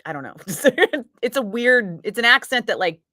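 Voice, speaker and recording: A woman's voice: fairly high pitch, very animated, moderate pace, pushed and bright, dry recording, studio quality. A woman radio host from Northern California chatting casually with her live chat, laughing often, swearing freely and rambling through asides. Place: radio studio.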